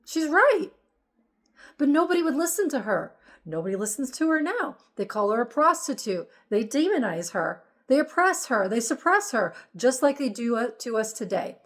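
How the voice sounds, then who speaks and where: A woman's voice: a little high, lively intonation, normal speed. A woman giving an emphatic, repetitive spiritual monologue as host of her channel.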